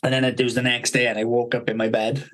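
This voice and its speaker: A man's voice: mid-range voice, level tone, quick pace, a bit bright, poor audio. A man telling a rambling story on a podcast, swearing constantly and acting out the people he quotes.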